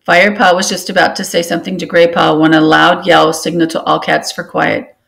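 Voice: mid-range voice, level tone, fairly quick, gravelly, a bit bright. A book club reader reading a novel aloud steadily, with occasional restarts after slips.

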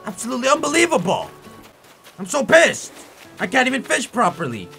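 A young man giving casual gameplay commentary, ranting in an animated, theatrically angry way. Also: very high voice, a little fast, creaky. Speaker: gaming YouTuber. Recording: faint music behind.

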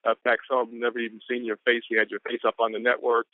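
A man presenting on a motivational conference call, excitable and whooping between quotes. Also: mid-range voice, rapid-fire, no room sound. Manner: excitable, hollers woo. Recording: tinny phone line.

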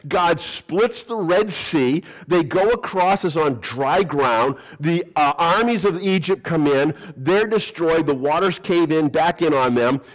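Animated higher-voiced male pastor preaching. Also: measured pace, hardly any pauses, rough recording. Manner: animated storytelling, acting out quoted voices with humor. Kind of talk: sermon. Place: church sanctuary.

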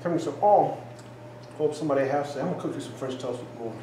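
Chatting in a folksy manner and exclaiming as he tastes food, this man co-hosts a home cooking taste test. His voice is mellow and medium-pitched, his pace fast, and the echoey kitchen recording carries faint ambience and slight background noise.

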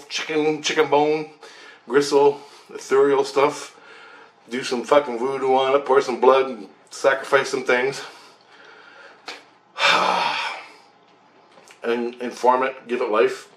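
A man telling a long story in a casual monologue, rambling and swearing freely, often laughing as he talks. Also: medium pitch. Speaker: channel host telling a story. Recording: roomy echo.

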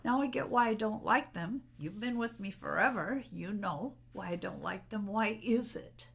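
Gravelly-voiced woman rambling candidly. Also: medium pitch, animated, normal speed, fairly bright tone. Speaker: spiritual vlogger. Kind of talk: unscripted solo talk to camera. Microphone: camera mic.

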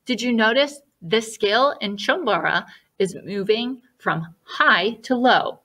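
Slow, patient woman music teacher. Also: medium pitch, lively intonation, a bit bright. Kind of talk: online music lesson for children.

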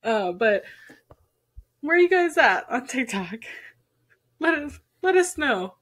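A woman's voice: sits high, sing-song, slow pace, a bit bright. A woman co-hosting a casual podcast, chatty and giggly, often stopping herself mid-sentence. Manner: giggly, chatty, self-interrupting. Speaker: podcast co-host.

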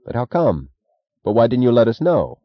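A man's voice: medium pitch, wildly swooping pitch, normal speed, no echo, dull audio, voice pushed up. A man reading the part of a bewildered train conductor.

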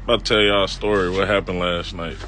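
Dude with a lowish voice telling a funny story live, slangy and laid back, cracking on himself, faint street noise around. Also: male voice, steady tone, fast talker, sharp tone. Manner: loose, slangy, self-mocking, with asides to viewers. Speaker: comedic vlogger telling a story. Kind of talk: casual storytelling to a live-stream audience. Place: outdoors on a city street.

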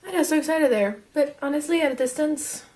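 A young woman casually reviewing makeup as she swatches it, chatty and excitable and half losing her voice. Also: high-pitched, fairly quick. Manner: chatty and excitable, drops to whispers. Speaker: beauty vlogger.

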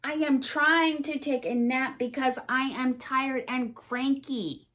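A woman's voice: high voice, steady tone, takes it slowly, fairly bright tone. A woman voicing a cranky, sulky elephant from a picture book, speaking in a grumpy way.

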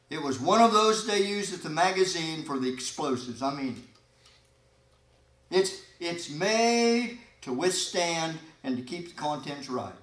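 A man preaching a sermon as pastor, folksy and animated, with sudden loud emphasis and quiet asides. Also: a little high, a little slow. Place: church sanctuary. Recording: echoey church hall.

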